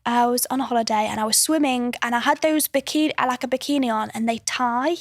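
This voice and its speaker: A woman's voice: on the high side, fast, dry recording, clean studio sound. A woman in her twenties, a podcast guest who tells stories in a chatty way and laughs as she talks. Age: 20s. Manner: chatty, laughs through stories, frequent restarts and likes. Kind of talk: casual chat, storytelling.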